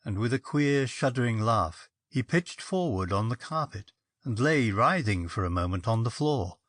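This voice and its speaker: A man reading a ghost story aloud in a measured, expressive narration. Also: medium pitch, dry recording, studio quality. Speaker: story reader.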